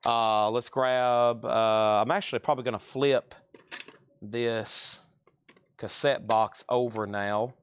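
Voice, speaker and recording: A man's voice: medium pitch, fairly even intonation, slow pace, clean tone. A man hosting a live record and cassette sale, chatting casually as he names items and prices. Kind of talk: casual live-stream selling.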